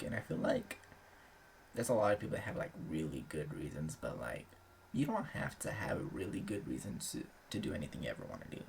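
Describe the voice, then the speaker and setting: A man's voice: a bass voice, sing-song, brisk, creaky, darkish tone, a little hiss or hum. A young man talking in a loose, rambling way as host of his own channel, full of filler words and casual swearing. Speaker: aspiring author and channel host. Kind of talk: casual chat.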